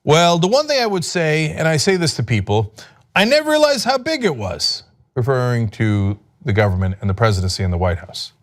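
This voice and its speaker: A man's voice: medium pitch, huge pitch swings, a little fast. A man hosting an opinionated news commentary show, talking in a sarcastic, mocking way as he reads quotes and picks them apart. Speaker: political commentary host.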